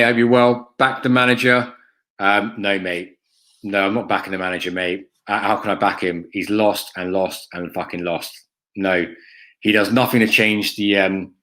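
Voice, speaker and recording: A man's voice: fairly low pitch, a bit bright. A man hosting a fan live stream, answering chat in a blunt, sweary way full of ums and "mate". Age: adult, has a school-age son. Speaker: fan channel host reading live chat.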